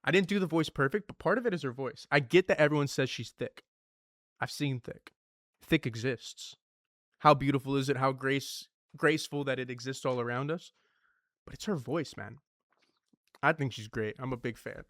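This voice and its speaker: A man streaming a survival game, chatting casually in an animated, rambling, slangy way. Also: medium pitch, moderate pace, no room sound, clean studio sound. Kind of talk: casual gaming commentary.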